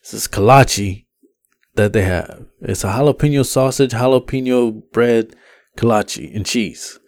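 A man's voice: mid-range voice, unhurried, darkish tone, dry recording. A man hosting a podcast who tells a long story in casual, profane chat and acts out the lines of the people in it. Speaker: podcast host.

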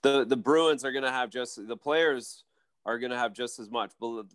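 Ex hockey guy on a podcast, rambles and restarts a lot, mid pitch, dry close sound. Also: normal speed, clean tone, dry recording. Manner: rambling, self-correcting, animated. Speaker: guest, former hockey player. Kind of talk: casual sports podcast chat.

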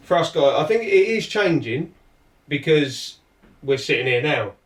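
A podcast host chats casually and earnestly, restarting his sentences many times. His voice is a little high with big pitch swings, and he's unhurried. The room is echoey and the mic sits at a distance.

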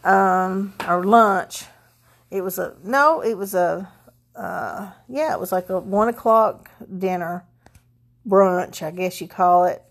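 A woman vlogger chatting casually about her holidays, rambling with many fillers and restarts. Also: medium pitch. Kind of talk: casual chat.

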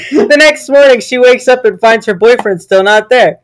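A man's voice: extremely high pitch, normal speed. A man co-hosting a podcast, chatting casually and reading silly stories aloud, often cracking up as he reads. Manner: breaks into laughter while reading. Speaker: podcast co-host.

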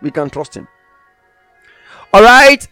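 A man's voice: sits high, big pitch swings, slow pace, bright, forceful tone, smooth, no room sound, faint music behind. A man preaching a sermon, emphatic, repeating phrases for stress and reading scripture aloud in old-fashioned wording.

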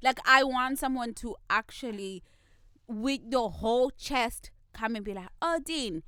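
A woman's voice: on the high side, measured pace, bright, forceful tone, clear, resonant tone, no echo, studio quality. A young woman from Zimbabwe co-hosting a podcast, chatting casually and ranting in a fired-up way with laughs. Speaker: podcast co-host. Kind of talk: casual chat. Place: radio podcast studio.

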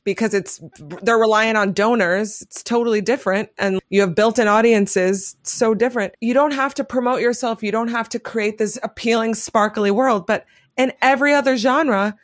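A woman's voice: on the high side, normal speed, no echo, studio quality. A woman jazz musician talking enthusiastically as an interview guest, rambling with lots of "like"s. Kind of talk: casual interview talk.

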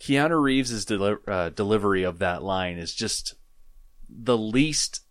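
A man with a fairly low voice joins a relaxed film chat with wry, joking asides. The recording is dry and close. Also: measured pace, dry recording. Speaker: podcast co-host. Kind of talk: casual movie commentary chat.

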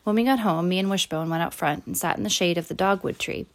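A woman with a lower, unhurried voice reads a first-person children's story aloud. She narrates steadily and lifts her voice brightly whenever a character speaks. Her storytelling is plain and clear. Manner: voices characters with raised pitch and louder quotes. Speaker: audiobook narrator.

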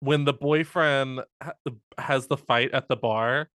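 A man's voice: mid-range voice, fairly even intonation, slow pace, a bit bright, smooth, dry recording, clean studio sound. A young man co-hosting a chatty podcast, playful and campy, laughing often and acting out lines. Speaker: podcast co-host. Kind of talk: casual chat.

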